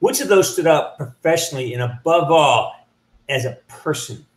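A man hosts a video call show from a roomy, echoey space. His voice sits a bit high, and he keeps things moving with friendly, brisk moderating. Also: expressive. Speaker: host. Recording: roomy echoey room sound.

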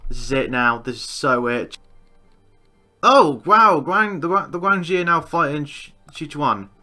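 A man commentating a strategy game he is playing, excitable and swearing, with outbursts of disbelief. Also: a little high, measured pace, soft background music. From England. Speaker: gaming YouTuber. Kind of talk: Let's Play commentary.

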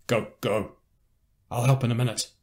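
A man's voice: mid-range voice, little pitch movement, normal speed, darkish tone, lightly acted. Man voicing a weary rebel captain. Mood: relieved. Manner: gruff, resigned, commanding. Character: weary middle-aged male rebel captain.

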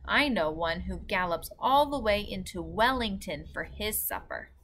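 The big friendly giant, read by a woman, slow and bright, all jumbled grammar and odd made-up words, storybook read-aloud. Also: medium pitch, sing-song, a little hiss or hum. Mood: lively. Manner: jumbled words, stern then cheerful.

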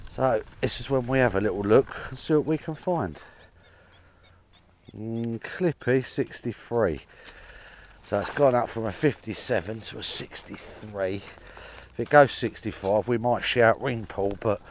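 A man's voice: mid-range voice, unhurried, a little hiss or hum. A man filming his own metal detecting outdoors in a field, chatting upbeat and casually to his viewers. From England. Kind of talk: casual outdoor vlog commentary. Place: open farm field outdoors.

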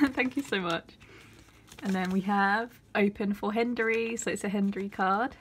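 A woman vlogger opening her mail in a casual unboxing video, excitable and gushing, often gasping and squealing. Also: mid-range voice, moderate pace, a little hiss or hum.

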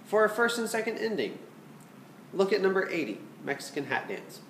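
A man's voice: sits high, sing-song, moderate pace, fairly bright tone, echoey room, a little hiss or hum. A man teaching a flute lesson, explaining patiently and checking in with his students. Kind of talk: music lesson instruction.

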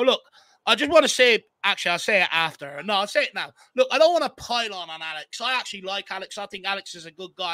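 A man's voice: sits high, bright, forceful tone, no room sound. A man hosting a live fan stream, reading out viewer comments and adding short backchannels. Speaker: host.

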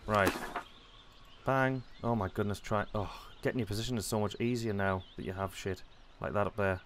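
A man's voice: on the low side, steady tone, moderate pace, a bit bright, a little hiss or hum. A man giving casual gameplay commentary, chatty and self-mocking, often muttering to himself as he plays. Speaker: let's play commentator.

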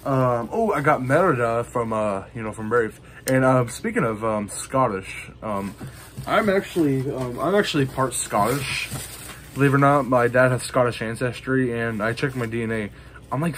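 A man chatting casually to the camera in a show-and-tell vlog. He rambles along, filling his pauses with ums and you-knows. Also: mid-range voice, fairly bright tone, slight background noise. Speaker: vlogger showing his collection.

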